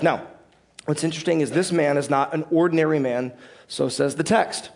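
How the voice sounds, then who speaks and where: A man preaching in a church with a slightly higher voice. His sermon is conversational: he explains the passage and puts questions to the congregation. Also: normal speed, vocal fry, a little mellow. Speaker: pastor.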